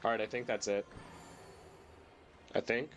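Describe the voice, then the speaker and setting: A man's voice: fairly low pitch, fairly even intonation, measured pace, a bit bright, lo-fi sound, soft background music. A young man streaming a video game while sick, rambling casually with lots of fillers and the odd swear, his voice cracking at times. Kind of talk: casual gameplay commentary.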